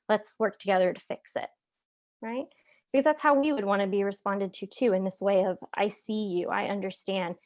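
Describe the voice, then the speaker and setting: A female therapist with a medium-pitched voice presents a parenting webinar conversationally, using lots of "um"s and checking in often with "right?"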